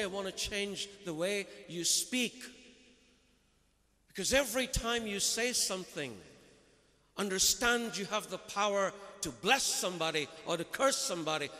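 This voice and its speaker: A man's voice: high voice, bright, forceful tone. A man preaching a sermon, emphatic and putting rhetorical questions to his listeners. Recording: long reverb of a large hall.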